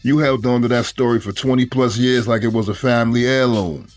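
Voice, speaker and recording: A man's voice: mid-range voice, steady tone, brisk, faint music behind. A man giving sarcastic commentary, delivering a mocking roast full of punchlines.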